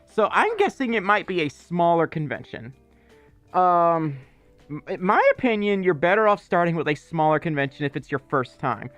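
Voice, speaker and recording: A man whose voice sits on the high side, expressive and fairly bright, speaks at normal speed in a dry recording with faint music behind. As a livestream host, he chats casually and rambles, reading viewer messages with many fillers and asides.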